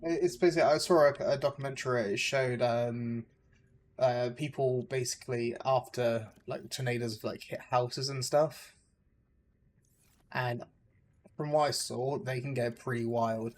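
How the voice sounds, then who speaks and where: There's slight background noise as a young man with an English accent, from England, chats with viewers during gameplay. His rambling, hesitant talk is packed with likes and uhs, delivered unhurriedly at medium pitch with fairly even intonation.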